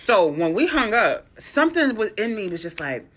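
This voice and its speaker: A woman telling a dating story on a talk show, slangy and expressive, acting out both sides of each conversation. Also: medium pitch, moderate pace, slight background noise. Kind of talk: animated story time.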